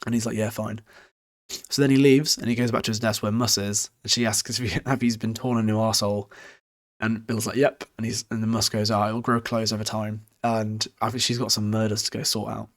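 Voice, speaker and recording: Low, flat-voiced British man recapping casually. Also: brisk. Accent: British English. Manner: rambling, swears freely, chuckles often. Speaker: podcast host recapping a book.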